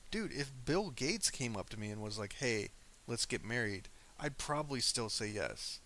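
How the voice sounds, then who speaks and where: A man's voice: medium pitch, very animated, normal speed, bright, forceful tone, a little hiss or hum. Crude, joking young man streaming. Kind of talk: casual chat with live chat.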